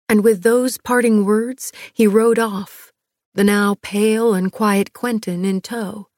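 A woman reads an audiobook in a measured, expressive way. Her voice sits in a middle pitch, and the recording is close and dry. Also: dry recording. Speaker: narrator. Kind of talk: audiobook narration.

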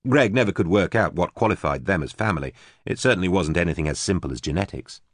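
Here a deep-voiced man narrates an audiobook from a script, keeping his storytelling measured and even. The studio-quality recording has no echo.

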